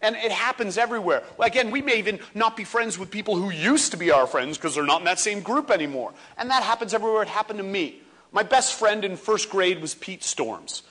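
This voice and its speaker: A man in his forties giving a comedic speech on stage, animated and acting out scenes for laughs. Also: sits high, a little fast. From Ontario, Canada. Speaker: motivational speaker. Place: stage before a live audience.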